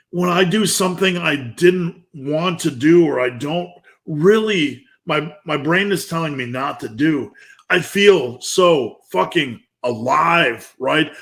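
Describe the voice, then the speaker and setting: A man's voice: a little high, fairly bright tone. A man in his fifties giving a blunt, intense motivational rant, swearing heavily. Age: 50s. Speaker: motivational speaker.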